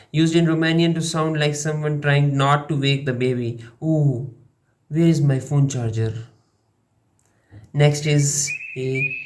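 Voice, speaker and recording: Unhurried man from Pakistan explaining letters. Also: fairly high pitch. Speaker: language learning YouTuber. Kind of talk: playful explainer monologue.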